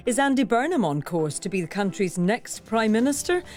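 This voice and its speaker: A woman presenter opening a radio show, crisply reading the coming headlines. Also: medium pitch, big pitch swings, normal speed, darkish tone, faint music behind.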